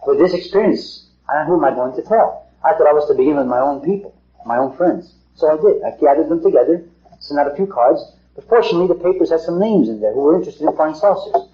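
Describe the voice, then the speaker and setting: A man's voice: on the high side, lively intonation, fast. Earnest man lecturing on old tape. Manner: earnest, rhetorical questions, repeats himself. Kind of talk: public talk to a small group. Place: meeting hall. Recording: echoey hall, dull 1950s tape.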